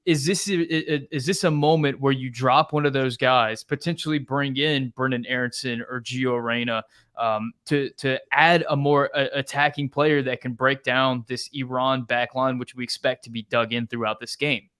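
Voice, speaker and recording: A man's voice: medium pitch, fairly even intonation, moderate pace, a bit bright, smooth. A man from the United States hosting a soccer preview show, talking energetically and reading viewer comments aloud. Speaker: podcast host. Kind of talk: sports analysis chat.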